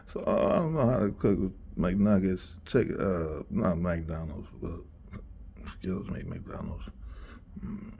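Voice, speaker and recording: A man's voice: lowish voice, vocal fry, darkish tone, a little hiss or hum. A man chatting casually and rambling, laughing often and sometimes dropping to a whisper.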